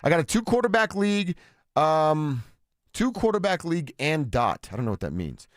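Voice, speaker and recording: A man's voice: a little high, sing-song, moderate pace, no echo, clean studio sound. A man from Colorado co-hosting a sports talk radio show in a casual, joking way, laughing often.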